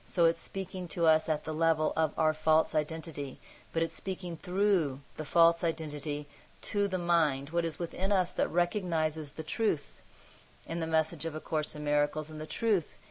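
A woman leading an online spiritual group, who talks in a measured, thoughtful way and pauses to search for her words. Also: deep voice, fairly even intonation, rough recording. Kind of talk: reflective spiritual teaching.

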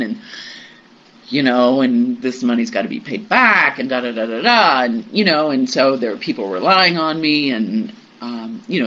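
A group member sharing personal news in a meditation group, halting and reflective, with many pauses and fillers. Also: medium pitch, fairly bright tone. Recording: muffled recording with faint hiss.

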